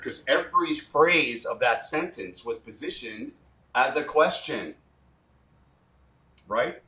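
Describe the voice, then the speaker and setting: A man explains how to speak with authority, his voice rising and falling in lively swings. He sounds emphatic and demonstrative, repeating phrases to drive them home. The sound is roomy and set back from the mic. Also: medium pitch, a little slow, distant mic. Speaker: guest communication coach. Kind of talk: animated explanation with spoken demos.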